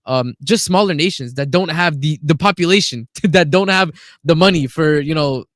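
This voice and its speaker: A man's voice: a little high, normal speed, fairly bright tone, dry recording, studio quality. A man co-hosting a casual football chat on a video call, blunt and opinionated. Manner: blunt, opinionated, says "bro" a lot. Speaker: podcast co-host.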